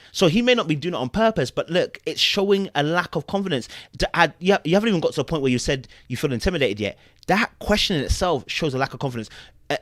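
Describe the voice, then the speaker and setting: A man's voice: fairly high pitch, no echo, clean studio sound. A man, hosting a podcast and giving casual commentary on a dating show, acting out quotes and asking rhetorical questions. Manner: animated, acts out quotes, asks rhetorical questions.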